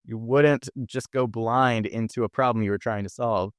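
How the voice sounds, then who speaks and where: A man's voice: medium pitch, steady tone, moderate pace, clear, resonant tone, no echo, clean studio sound. A man speaking as a podcast guest, explaining ideas in an earnest, conversational way. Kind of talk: conversational interview.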